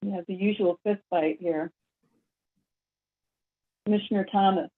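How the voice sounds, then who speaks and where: A woman chairs a public planning meeting, moving the agenda along in halting, restart-filled sentences. Her voice comes through a thin, phone-like line at a middling pitch. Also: steady tone.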